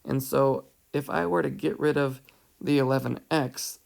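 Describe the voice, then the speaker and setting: A man's voice: mid-range voice, fairly even intonation, normal speed, gravelly, a little mellow. A man teaching a whiteboard math lesson, patiently talking through each step and checking in with "right?". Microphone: headset or tablet mic, voice-over screencast.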